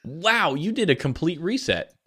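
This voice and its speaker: Man, casual podcast chat, excitable and goofy, animated rises and falls in pitch. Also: normal speed, slightly rough. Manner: goofy, excitable, laughs easily. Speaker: podcast co-host.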